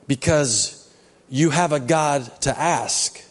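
High-voiced pastor preaching in a reverberant hall. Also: male voice, slow pace. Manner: conversational, joking, rising into emphatic exhortation. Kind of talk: sermon. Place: church sanctuary.

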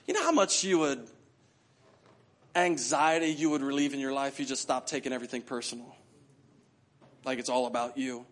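A male pastor preaching a sermon with passion, acting out prayers in quick repeated bursts. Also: medium pitch.

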